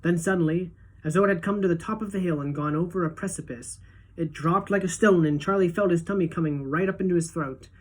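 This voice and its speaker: A woman teacher reading a children's book aloud to a class, in a steady, clear storytelling manner. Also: fairly low pitch, fast talker.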